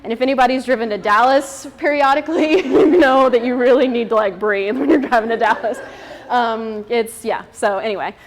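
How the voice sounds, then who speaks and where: A woman's voice: on the high side, fairly quick. A woman in her thirties giving a chatty talk to a group of mothers, laughing often and using many fillers. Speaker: speaker at a moms' group. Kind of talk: casual talk to an audience.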